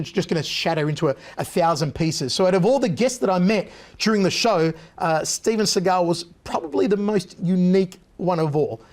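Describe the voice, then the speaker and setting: A man, a guest on an interview show, telling animated anecdotes in a punchy, casual way. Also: high voice.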